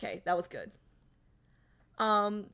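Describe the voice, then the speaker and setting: A woman's voice: medium pitch, big pitch swings, slow pace, pushed and bright, smooth. A woman streamer in casual livestream chat, chatty and giggly, reading viewer comments aloud.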